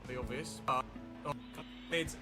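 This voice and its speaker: A man's voice: medium pitch, steady tone, unhurried, over loud music. A man streaming a football career game, commenting casually with a chatty, wry manner and answering his chat.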